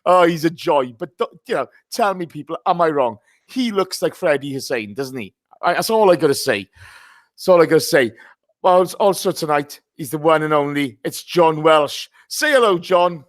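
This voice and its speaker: A man's voice: a little high, normal speed, no room sound, studio quality. A man hosting a casual football podcast, chatty and greeting listeners by name. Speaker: podcast host.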